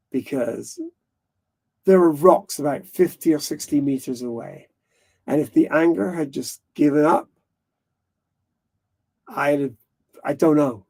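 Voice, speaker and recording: A man's voice: a little high, gravelly, a little mellow. A man hosting a live stream, talking casually and rambling frankly, swearing now and then.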